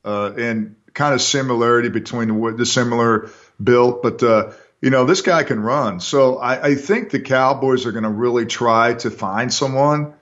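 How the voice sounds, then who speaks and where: A man's voice: medium pitch, normal speed, hardly any pauses, fairly bright tone. A man co-hosting a casual sports talk show, easygoing and thinking aloud as he talks. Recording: dull lo-fi sound.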